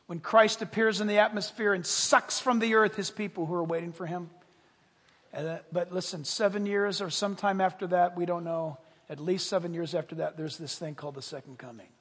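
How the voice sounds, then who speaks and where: A man preaching a sermon as pastor, dramatic and animated, swinging between loud bursts and hushed, intimate tones. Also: sits high, brisk, breathy edge. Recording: long reverb of a large hall.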